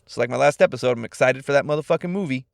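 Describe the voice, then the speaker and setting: A young man from California hosting a casual solo podcast, laid-back, profane and animated. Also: mid-range voice, rapid-fire, gravelly, no echo, studio quality. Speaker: podcast host.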